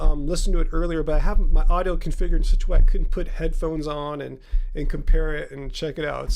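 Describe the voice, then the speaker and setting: High, gravelly-voiced man chatting on a livestream. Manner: loose and rambling, many ums, chatty asides. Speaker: livestream host. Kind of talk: casual livestream chat. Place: home room with laptop.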